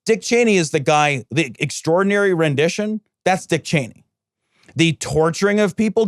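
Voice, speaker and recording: A man's voice: fairly high pitch, sing-song, moderate pace, dry recording, clean studio sound. A man co-hosting a political podcast, speaking emphatically and indignantly, repeating points for stress. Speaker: podcast co-host. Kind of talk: casual political chat.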